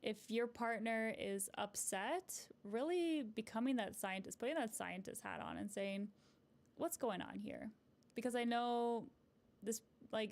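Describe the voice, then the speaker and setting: A woman's voice: fairly high pitch, a little slow, vocal fry, a little mellow. Encouraging woman therapist, chatty and explanatory. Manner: conversational, often ends points with a checking "right?". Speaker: couples therapist. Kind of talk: live-streamed advice chat answering viewer comments.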